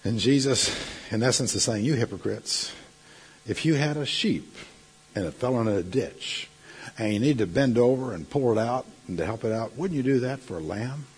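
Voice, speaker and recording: Man, pastor, sermon, husky voice, lively swinging pitch, middle-aged. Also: normal speed. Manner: storytelling with sudden loud outbursts and laughs.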